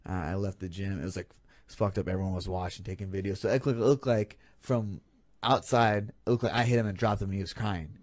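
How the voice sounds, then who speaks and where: A man's voice: deep voice, steady tone, fast, a little mellow, no room sound. A man telling a story as a guest in a casual chat, swearing freely and acting out his own quoted reactions. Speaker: podcast guest.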